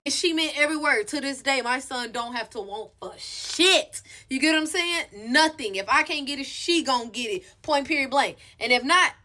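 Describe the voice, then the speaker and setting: Bright-voiced woman telling a blunt storytime. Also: high voice, lively intonation, brisk, few pauses. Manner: candid, profane, addresses viewers directly. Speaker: storytime vlogger. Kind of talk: casual storytelling.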